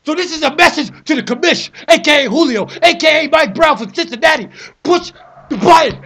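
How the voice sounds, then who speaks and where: Man, comic rant, theatrical, repetitive, shouting bursts, very lively pitch. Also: brisk. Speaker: vlogger ranting about a fantasy football trade.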